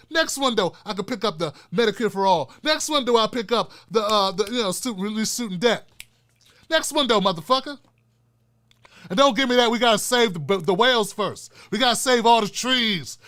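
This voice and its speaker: An older man with an extremely high-pitched, sharp voice hosts a political commentary show, delivering a profane, fiery rant with a preacher-like cadence.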